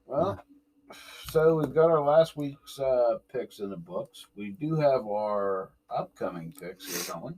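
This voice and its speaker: A man co-hosting a sports podcast with relaxed, profane banter. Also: medium pitch, unhurried. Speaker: podcast co-host. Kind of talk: casual chat. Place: West Virginia.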